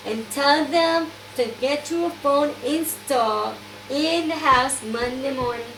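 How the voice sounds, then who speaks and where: A woman's voice: high-pitched, takes it slowly, fairly bright tone, pitched above the performer's own voice, exaggerated voice. A woman voicing her kind female friend, insisting on helping, in an echoey room. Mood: excited. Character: kind Dutch woman friend offering help. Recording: echoey room, far from mic, noisy.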